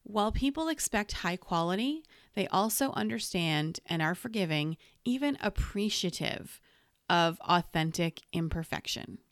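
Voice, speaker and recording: A woman's voice: fairly low pitch, expressive, unhurried, no echo, clean studio sound. A woman hosting a solo podcast from home, talking in a candid, conversational and encouraging way into a podcast microphone. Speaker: podcast host.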